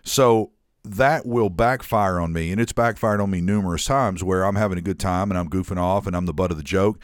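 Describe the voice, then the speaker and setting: A young man telling stories on a podcast, swearing freely and animated. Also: sits low, a little fast, no room sound, clean studio sound. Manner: profane, animated storyteller. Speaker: podcast host. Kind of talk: casual podcast chat. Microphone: studio mic.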